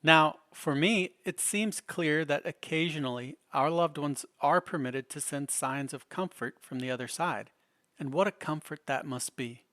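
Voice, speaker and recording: A male podcast host giving measured, musing scripted narration with a slightly ominous tone. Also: a little high, pushed and bright, dry recording. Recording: dry close voice over faint guitar.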